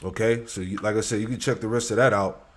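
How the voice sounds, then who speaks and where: A man's voice: lowish voice, fairly even intonation, fast talker. A man giving preachy commentary on scripture, peppering his talk with "all right" and "man".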